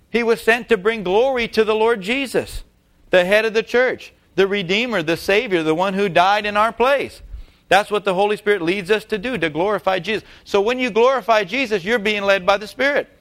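A man's voice: sits high, moderate pace, fairly bright tone. A man preaching a sermon, emphatic and repeating key phrases, putting rhetorical questions to his congregation. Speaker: pastor.

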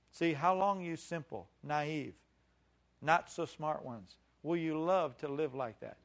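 Emphatic man preaching a sermon. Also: fairly high pitch. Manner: emphatic preaching with call-and-response questions. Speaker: pastor.

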